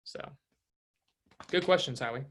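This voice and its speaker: A man runs a relaxed training session in a coaching tone. He keeps tossing rhetorical questions at the room. His voice sits at a middling pitch. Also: measured pace. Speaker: real estate trainer.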